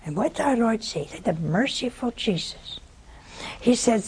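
A woman's voice: fairly high pitch, sing-song, a little slow, a little mellow, breathy edge, low-quality recording. A woman preaching a sermon, telling a story in a folksy way with asides to her viewers.

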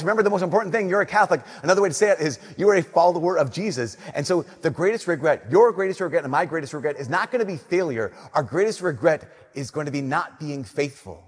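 Young priest, male, slightly high and husky, conversational sermon delivery with long church reverb. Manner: conversational preaching, playful then hushed and earnest. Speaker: Catholic priest.

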